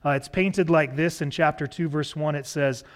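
A man preaching a sermon as pastor in a church sanctuary, relaxed and cracking light jokes to the congregation. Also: a little high, moderate pace. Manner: relaxed, joking asides to the congregation.

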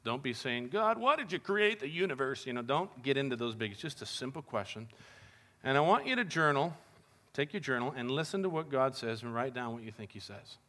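Man, pastor, casual sermon, upbeat, conversational, bright tone. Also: mid-range voice, lively intonation, a little fast. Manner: conversational and upbeat, addresses the congregation as guys.

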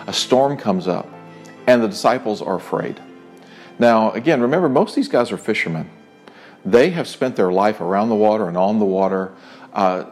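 A middle-aged man preaching in an earnest, conversational way, his voice sitting a little low. He springs up when acting out quoted lines. Soft instrumental music plays faintly behind him. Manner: earnest, conversational preaching with animated retold dialogue. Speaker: pastor. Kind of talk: sermon.

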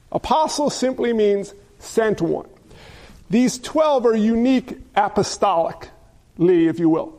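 A male pastor preaching a sermon, playful and jokey, throwing rhetorical questions at the congregation. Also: sits high.

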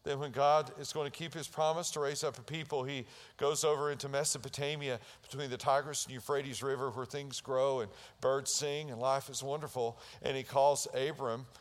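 A man's voice: medium pitch, long reverb tail. A male pastor preaching a sermon, retelling Bible stories and acting out the voices in them. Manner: storytelling preacher acting out biblical scenes with rising intensity.

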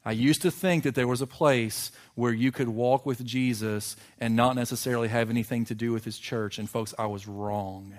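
A man preaching a sermon to a congregation in a church, earnest, building to emphatic peaks and dropping low again. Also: fairly even intonation, normal speed, few pauses. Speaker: pastor. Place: church sanctuary.

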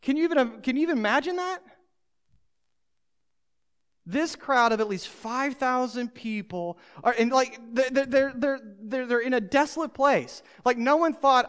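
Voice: sits high, unhurried, a bit bright, clean tone. A pastor preaching a sermon, speaking emphatically and straight to the listeners. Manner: emphatic, addresses listeners directly. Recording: long hall reverb.

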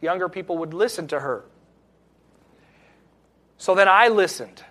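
A man's voice: sits high, expressive, measured pace, sharp tone. A middle-aged male pastor giving an earnest, reflective sermon with personal stories.

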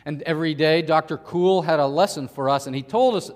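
A male pastor delivering a sermon with animated storytelling, speaking to the children and the congregation. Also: fairly high pitch, brisk, long reverb tail.

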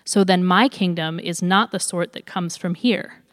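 A woman voicing a calm male prisoner who answers in measured, composed replies, in a reverberant room. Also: lowish voice, close to an everyday voice. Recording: long hall reverb.

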